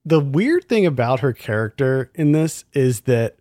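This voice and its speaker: A man's voice: mid-range voice, very animated, a little slow, mellow, dry recording, clean studio sound. A man in a casual film review chat, critical and exasperated, firing off rhetorical questions.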